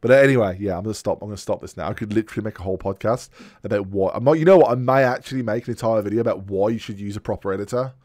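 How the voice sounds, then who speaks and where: A man's voice: lowish voice, rapid-fire, darkish tone, no echo, clean studio sound. A man hosting a podcast in casual chat, ranting bluntly and swearing freely. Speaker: podcast host.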